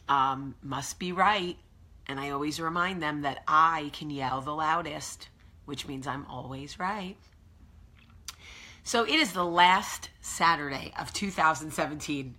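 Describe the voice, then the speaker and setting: A woman with a New Jersey accent chats through a morning vlog from home, emphatic and confessional. Her voice sits low, with a bright, forceful edge and a husky grain. She talks at an unhurried pace. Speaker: host. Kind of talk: casual morning vlog chat.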